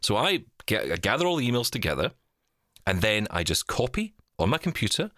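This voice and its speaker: A man's voice: on the low side, big pitch swings, brisk, pushed and bright, no echo, studio quality. A man hosting a casual podcast panel chat, rambling and self-deprecating. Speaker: podcast host.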